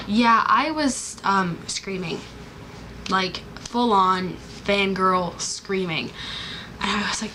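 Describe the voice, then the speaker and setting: A woman's voice: mid-range voice, sharp tone, a little hiss or hum, rough recording. A young woman vlogging in a bubbly, rambling way, full of fillers and restarts. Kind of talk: casual chatty vlog.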